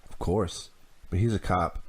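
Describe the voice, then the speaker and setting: A man's voice: low-pitched, fairly even intonation, a little slow, slightly rough. A man reading a weary, shaken teenage boy. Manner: tired and subdued.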